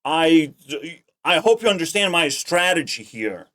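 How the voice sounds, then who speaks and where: A man's voice: on the high side, sing-song, unhurried, sharp tone. A man streaming casual commentary, ranting in a heated, profane way and repeating himself when worked up. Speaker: streamer reacting to clips.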